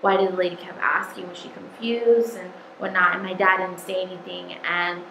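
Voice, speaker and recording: A woman's voice: fairly low pitch, level tone, normal speed, creaky, bright, forceful tone. A young woman telling a personal story in a casual, rambling way, with many "um"s and "like"s. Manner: rambling, full of "um" and "like". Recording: echoey room with light noise.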